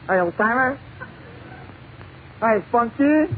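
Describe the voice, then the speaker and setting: A man's voice: very high-pitched, lively intonation, slow pace, voice pushed up, heavily acted. A man doing a boastful, chummy barfly. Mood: brash. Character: brash would-be big-shot man at a bar. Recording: tinny lo-fi 1940s radio broadcast with faint hiss.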